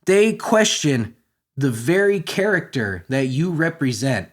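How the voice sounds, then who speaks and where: A man's voice: on the high side, big pitch swings, measured pace. A man hosting a podcast, delivering a heated, sarcastic, profane comedic rant. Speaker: podcast host.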